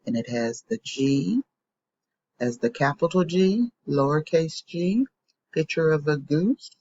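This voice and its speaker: A woman teacher giving a slow, patient phonics lesson to young children, saying each word twice. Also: sits low, animated, a little mellow, breathy edge, muffled recording.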